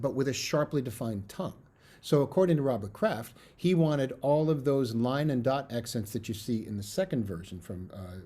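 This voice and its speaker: Earnest man lecturing, mellow voice. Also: medium pitch, husky. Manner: earnest, emphatic teaching with fillers. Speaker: bassoon professor. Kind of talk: recorded music lecture.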